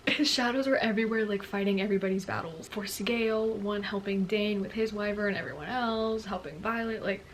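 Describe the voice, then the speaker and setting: A woman talking through a book as she reads it, excitable and exclamatory, with a mid-range voice. She slips into a hushed tone for the passages she reads out. A faint hiss sits under the recording. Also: mid-range voice, a little fast. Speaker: book vlogger. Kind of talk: excited book reading reaction.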